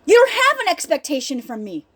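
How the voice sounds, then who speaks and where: Middle-aged woman, very high pitch, earnest and emphatic, direct personal faith talk. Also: wildly swooping pitch, a little fast, a bit bright. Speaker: healing ministry speaker.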